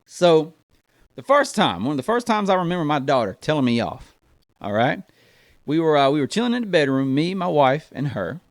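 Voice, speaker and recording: American guy doing stand-up, high voice that jumps all over, dry close sound, keeps going "man" and "right". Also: a little fast, no echo. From United States. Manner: animated, talks to the crowd, fills lines with man and right. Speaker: stand-up comedian. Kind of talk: stand-up comedy routine.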